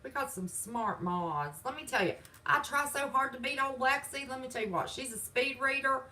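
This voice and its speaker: A woman's voice: high voice, normal speed, bright, forceful tone, distant mic, slight background noise, low-quality recording. A woman with a Southern accent from West Virginia, hosting a livestream from her home, talking in a sassy, defiant, folksy way while reading chat. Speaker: channel host. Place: home, indoors.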